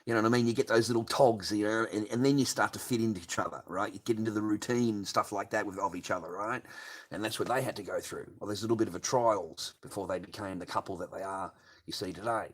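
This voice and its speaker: A man's voice: lowish voice, quick pace. An older man hosting a late-night livestream, ranting crudely and swearing constantly. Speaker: livestream host.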